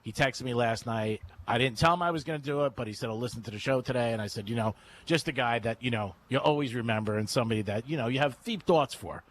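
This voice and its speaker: A man's voice: medium pitch, fast talker, a little hiss or hum. Rambling male radio host at a remote. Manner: rambling storyteller, laughs often. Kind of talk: casual radio chat. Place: cigar lounge, live remote broadcast.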